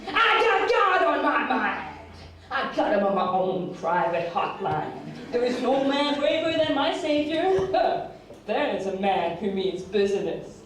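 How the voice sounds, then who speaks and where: A swaggering, boastful male gangster-rapper president with a deliberately fake Texan accent, as a woman performer puts him on. The rhymes are rapped and chanted in a high voice. It is heard from a distance in a very echoey hall. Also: big pitch swings. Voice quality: boastful, rhythmic, rhyming swagger. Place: large echoey live arts venue.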